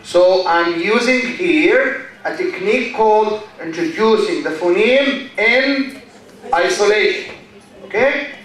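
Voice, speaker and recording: Egyptian lecturer in an echoey hall. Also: male voice, high-pitched, lively intonation, slow pace, a bit bright. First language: Arabic. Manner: repeats key terms and checks with "okay?". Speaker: university lecturer. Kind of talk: classroom lecture. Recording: echoey hall, voice far from the mic.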